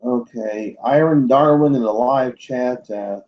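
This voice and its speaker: A man's voice: medium pitch, measured pace, highs cut off. A man hosting a casual livestream show, reading odd news stories aloud and commenting on them bluntly and with doubt. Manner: skeptical, blunt asides with chuckles. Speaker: host of a cryptid livestream show.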